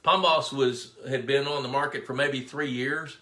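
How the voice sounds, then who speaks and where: A man's voice: medium pitch, steady tone, normal speed, bright, forceful tone. A middle-aged man hosting a casual live stream, rambling through stories and greeting viewers by name. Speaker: fisheries biologist hosting a live pond Q&A. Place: indoor room with his dog. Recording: echoey room.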